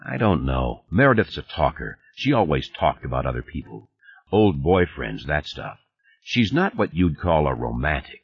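A weary, withdrawn man answers reluctantly in a very deep, husky voice, as the male audiobook reader puts him on. The sound is dull and lo-fi, like an old cassette. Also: sing-song, normal speed, full character voice. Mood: musing.

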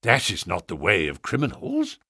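A man voicing a thoughtful Victorian doctor who questions in a measured, puzzled way in an audiobook. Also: on the low side, wildly swooping pitch, bright, forceful tone, slightly rough, no room sound, studio quality, voice pushed down, full character voice. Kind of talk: audiobook character reading.

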